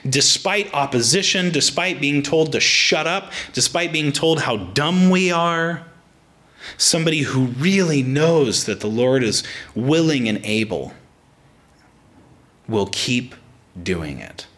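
Young male preacher, lively bright delivery, casual sermon with frequent restarts. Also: fairly high pitch, takes it slowly. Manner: animated, frequent restarts, acts out quotes. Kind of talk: sermon with personal anecdote.

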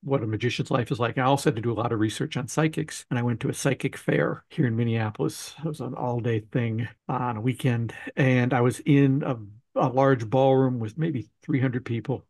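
Gravelly-voiced man telling an anecdote. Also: medium pitch, a little fast, hardly any pauses, no room sound. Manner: relaxed anecdotal storytelling. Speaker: podcast host, mystery author. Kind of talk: conversational interview.

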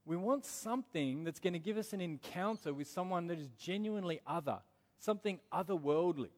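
Aussie pastor guy preaching, kinda high voice, slows down to hit key words, big echoey hall. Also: a little mellow. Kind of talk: sermon. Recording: long hall reverb.

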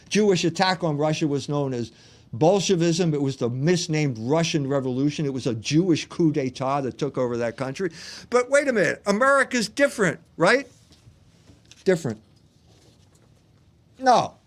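A man hosting a livestream, delivering an emphatic monologue full of rhetorical questions that he answers himself. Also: on the high side. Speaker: host and lecturer.

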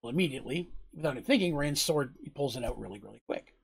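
A man's voice: mid-range voice, animated, fast talker, gravelly, breathy edge. A man casually recounting a tabletop game session in a rambling, conversational way. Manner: conversational, rambling, with frequent fillers.

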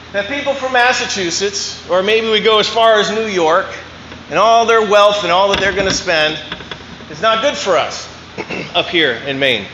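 Folksy bright-voiced preacher in a hall. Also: male voice, high voice, a little hiss or hum. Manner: folksy storytelling, chuckling. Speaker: pastor. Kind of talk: sermon with a told joke. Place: church in Maine, large indoor hall. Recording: echoey church hall, dull sound.

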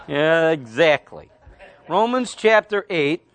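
Man preaching a slow-emphasis sermon. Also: on the high side, expressive, fairly bright tone. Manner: storytelling, slows right down on key phrases. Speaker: pastor.

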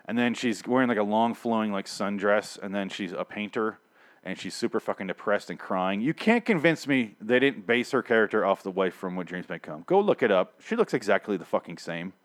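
A man casually recapping a TV episode in a rambling, profane, animated way. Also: on the low side, fairly quick. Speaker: TV show recapper.

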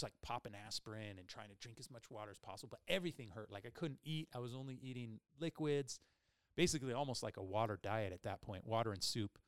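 A man hosting a podcast, telling a long personal story in a casual, animated way with many fillers. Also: mid-range voice, clear, resonant tone, no echo, studio quality. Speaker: podcast host.

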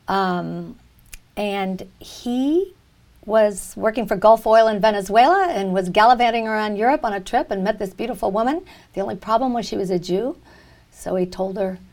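Animated woman telling her story. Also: mid-range voice. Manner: animated storyteller, lively emphasis. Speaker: guest, religion reporter and writer. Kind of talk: interview storytelling.

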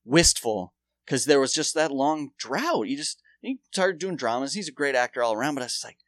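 A man's voice: mid-range voice, lively intonation, a little fast, a bit bright, no room sound. A man telling rambling, profane stories in a casual chat.

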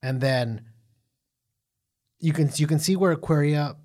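A man co-hosting a casual recap chat, animated and profane, full of fillers and restarts. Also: fairly high pitch, measured pace. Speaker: podcast co-host.

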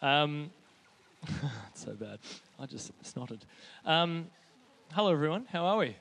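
A man's voice: on the high side, big pitch swings, takes it slowly, vocal fry, fairly bright tone. Man, church youth leader, upbeat and jokey, casual talk. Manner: upbeat and jokey, cheering on the previous speakers.

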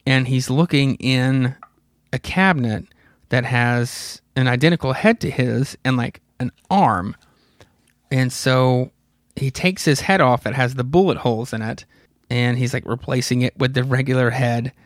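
A man in his thirties hosts a podcast and retells a comic story in loose, rambling talk. He swears now and then and chuckles at his own asides. His voice sits at an ordinary middle pitch and is recorded close and dry. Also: unhurried, no echo. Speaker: podcast host. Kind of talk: casual comic book recap.

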